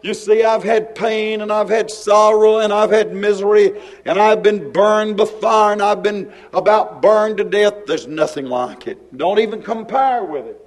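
A man preaching a sermon, slow and dramatic, telling of his own spiritual ordeal. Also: low-quality recording. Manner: slow, dramatic preaching with sweeping pitch swings.

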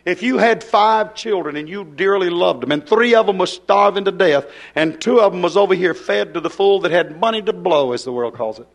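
A man preaching a fiery revival sermon. He acts out dialogue in his sermon and drops to a hush at times. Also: high-pitched, a little fast, vocal fry, few pauses.

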